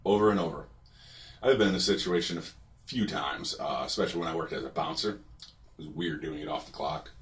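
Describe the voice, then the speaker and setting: A man's voice: very deep voice, brisk, a bit bright. A man narrating a personal story with wry, dry humor, recorded a bit away from the mic. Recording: distant from the mic.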